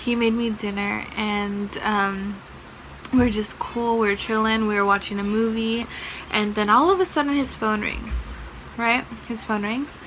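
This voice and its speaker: A woman's voice: medium pitch, a little slow, slight background noise, poor audio. A young woman vlogger telling a personal story in a casual, chatty way, full of fillers. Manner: chatty, lots of fillers, animated retelling.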